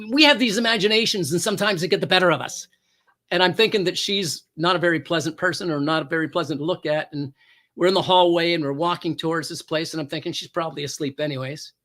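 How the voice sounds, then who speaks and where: A man's voice: fairly high pitch, bright, forceful tone. A former police officer telling a personal story as a talk show guest, acting out the quoted lines with big jumps in his voice.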